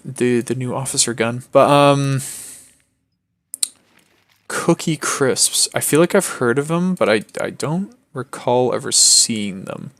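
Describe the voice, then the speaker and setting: A man's voice: mid-range voice, no room sound. A young man from Canada, chatting casually on a late-night gaming stream in a laid-back, slangy way and swearing freely.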